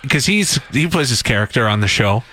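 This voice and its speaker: A man's voice: mid-range voice, expressive, fairly quick, sharp tone, husky, no room sound. A man co-hosting a radio show, chatting casually and teasing his colleagues. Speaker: radio co-host. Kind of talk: casual on-air banter.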